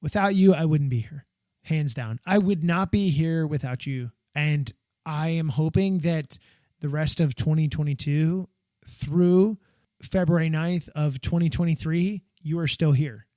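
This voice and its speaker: A slightly high-voiced American man talks alone into a dry, close microphone, hosting his own podcast. He rambles warmly from one thought to the next, and his voice leaps upward when he gets worked up. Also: a little slow, dry recording. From United States. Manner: rambling, heartfelt and excitable, voice jumping up when enthused. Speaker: podcast host. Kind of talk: solo podcast monologue.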